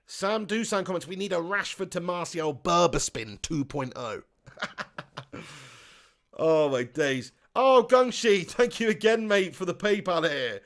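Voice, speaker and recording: A man hosting a live football watch-along, reading out chat comments and shouting at the big chances. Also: on the high side, animated, measured pace.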